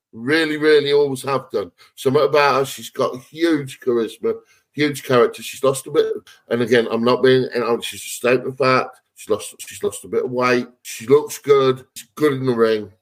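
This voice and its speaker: A man's voice: medium pitch, low-quality recording. A man co-hosting a wrestling podcast, giving blunt, rambling opinions in casual chat. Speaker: podcast co-host.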